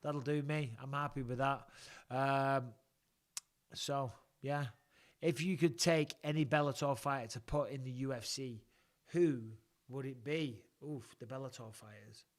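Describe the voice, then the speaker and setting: A man's voice: medium pitch, steady tone, a little slow. A man in his forties hosting a casual live-stream chat, answering fan questions bluntly, swearing freely and rambling.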